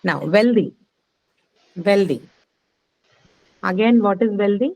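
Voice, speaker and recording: A woman runs a lesson, repeating each word slowly and asking her students to name the stressed syllable. Her voice sits at a middle pitch, and the sound is dry and close with no room echo. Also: lively intonation, vocal fry, a little mellow. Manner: patient, repeats words slowly, quizzes students. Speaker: English teacher. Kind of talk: online class on word stress.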